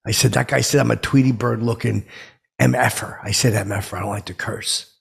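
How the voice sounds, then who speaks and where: A man playing a touchy, self-important middle-aged man who rambles indignantly in a comic monologue with a gravelly, husky voice. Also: mid-range voice, steady tone, a little fast, exaggerated voice.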